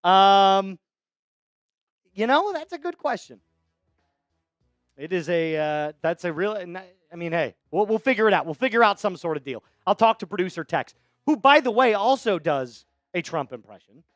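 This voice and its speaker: A man hosting a live sports stream, hyped up and shouting out viewers in the chat. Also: sits high, sing-song, moderate pace, no room sound, clean studio sound, soft background music. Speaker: livestream host.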